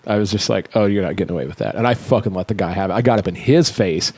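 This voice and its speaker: Podcast host, young adult man, lowish voice, rapid and profane casual storytelling. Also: a little hiss or hum. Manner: animated, heavily profane storyteller.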